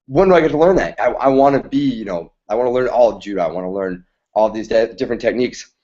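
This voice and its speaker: A man's voice: mid-range voice, animated, quick pace, mellow, close to an everyday voice. Eager, earnest boy as a man puts him on, muffled lo-fi sound. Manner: pleading, earnest. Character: eager young boy who wants to learn judo.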